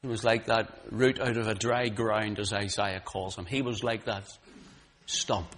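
With a steady tone and a slightly slow pace, a male preacher delivers an ardent sermon. He alternates hushed low lines with loud, raised eruptions, repeating words as his fervor rises.

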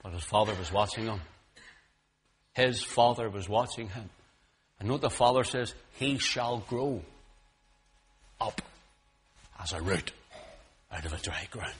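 A male preacher delivering a fervent sermon, dropping to hushed low lines and then rising to loud, raised outbursts, often repeating words as he gets worked up. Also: measured pace, pauses often, husky.

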